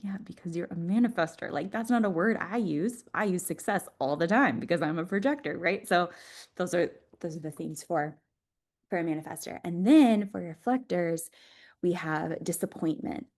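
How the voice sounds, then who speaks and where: A woman's voice: low voice, darkish tone. A woman being interviewed on a podcast, explaining her field enthusiastically and laughing often. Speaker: podcast guest, Human Design mentor.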